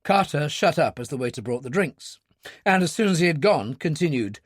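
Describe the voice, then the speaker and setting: A man narrating a thriller audiobook in a measured, descriptive reading. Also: fairly high pitch, animated, slightly rough, no room sound, studio quality. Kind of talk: scripted narration.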